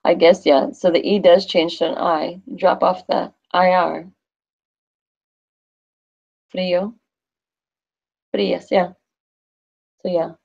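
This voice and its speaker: A woman's voice: on the low side, little pitch movement, slow, vocal fry, pauses often, darkish tone, highs cut off. A woman teaching a Spanish class in a classroom, thinking aloud and quizzing her students.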